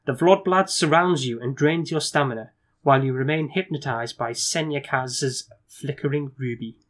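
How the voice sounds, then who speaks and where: A man's voice: mid-range voice, fairly bright tone. A man reading a fantasy gamebook aloud and hosting the playthrough, with asides and stumbles. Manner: brisk narration with stumbles and asides. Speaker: gamebook reader and host.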